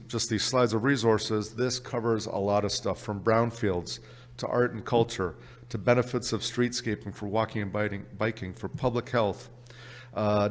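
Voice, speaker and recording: A man with a Canadian accent presenting an exam prep workshop at a conference, brisk and upbeat. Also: fairly low pitch, big-room sound, slight background noise. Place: conference session room.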